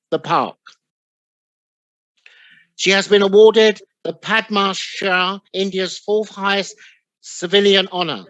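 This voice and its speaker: Bright-voiced London man chairing a ceremony. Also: high-pitched, no room sound, poor audio. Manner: courteous, apologetic, reading names. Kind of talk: formal ceremony address. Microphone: video call.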